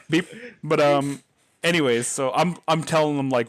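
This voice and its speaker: A man's voice: on the high side, unhurried. A man hosting a podcast, telling a scary childhood story in a rambling, casual way, full of fillers and laughs. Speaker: podcast host.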